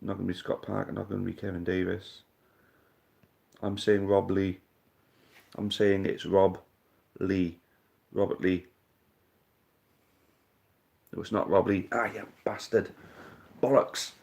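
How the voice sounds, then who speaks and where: Low-voiced man hosting a casual live quiz. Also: level tone, a little slow, vocal fry, long pauses, a little mellow. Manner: thinks aloud, swears casually, calls people mate. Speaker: live-stream quiz host. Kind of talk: casual live-stream chat.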